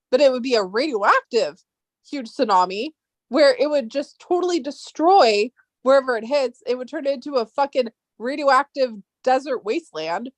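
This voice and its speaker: A woman's voice: sits high, no room sound. A woman vlogger ranting casually and heatedly, swearing often and rambling with restarts.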